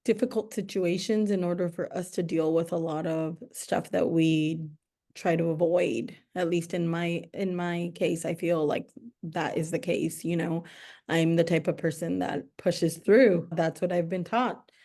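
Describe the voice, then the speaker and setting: A woman's voice: on the low side, fairly even intonation, unhurried, mellow. A young adult woman hosting a podcast, speaking earnestly in casual conversation and repeating herself for emphasis. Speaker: podcast host.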